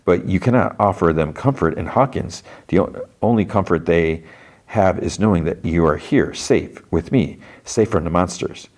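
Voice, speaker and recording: A quietly menacing older man, as a man reads him out speaks in a calm, coaxing tone. The voice is low and deep. It barely departs from a plain speaking voice. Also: moderate pace.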